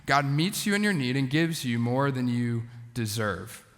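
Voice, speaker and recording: A man's voice: medium pitch, a little slow. Man preaching in an echoing hall. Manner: conversational, animated preaching with asides. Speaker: youth pastor. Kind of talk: sermon to students. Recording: long hall reverb.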